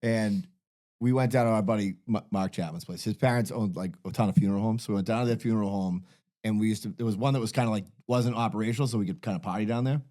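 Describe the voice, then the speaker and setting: A man's voice: fairly low pitch, fast talker, dark tone. A man telling a long, profane, rambling story as a podcast guest.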